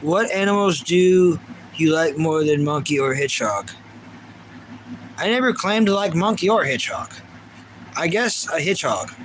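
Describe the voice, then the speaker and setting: A man's voice: on the high side, expressive, moderate pace, pauses often, fairly bright tone, slight background noise. A man in his thirties livestreaming, chatting casually and reading out viewer comments in a rambling way. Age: 30s. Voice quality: rambling and chatty, with frequent restarts.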